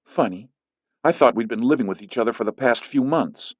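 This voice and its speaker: A man's voice: medium pitch, a little fast, dry recording, pitched above the performer's own voice, natural voice. A man voicing a menacing possessive Mafia princess. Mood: accusing. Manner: menacing, clingy, accusing. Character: jealous possessive Mafia princess, young woman. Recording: dull lo-fi recording.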